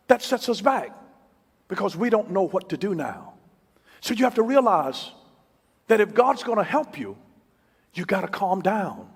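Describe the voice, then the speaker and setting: High, animated man preaching in a hall. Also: a little slow, pauses often, slightly rough. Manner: emphatic, repeats key phrases, swings from loud to hushed. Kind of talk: sermon.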